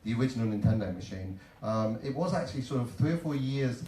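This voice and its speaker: A middle-aged man speaking on a live panel as a game developer, relaxed and reminiscing, sometimes repeating a word as he starts a thought. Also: medium pitch, fast talker. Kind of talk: live panel talk to an audience. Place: event hall at a game arcade. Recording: echoey hall, voice from far off.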